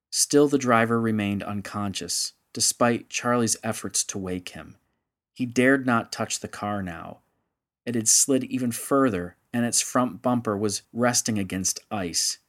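A man narrating a story in a measured, steady audiobook style. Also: on the low side.

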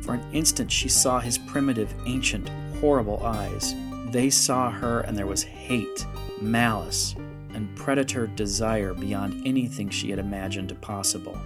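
A man narrating a science fiction audiobook in a steady, measured storytelling voice. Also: on the low side, music in the background.

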